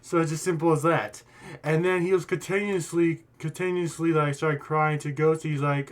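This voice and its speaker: A man's voice: fairly high pitch, steady tone, moderate pace. A man hosting a casual storytime commentary video, rambling and heated, often restarting his sentences. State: voice getting worn out. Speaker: YouTube commentary host.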